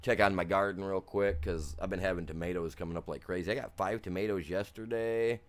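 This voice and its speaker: Deep-voiced american guy rambling on his game stream, telling stories and laughing at himself. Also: fairly even intonation, brisk, smooth. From United States. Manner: rambling, storytelling, self-deprecating. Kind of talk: casual live-stream chat.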